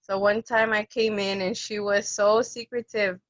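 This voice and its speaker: A woman's voice: mid-range voice, unhurried, no echo. Young woman caregiver telling a story. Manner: animated, acts out quoted voices. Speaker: end-of-life caregiver. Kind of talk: personal storytelling. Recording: dull, dry lo-fi recording.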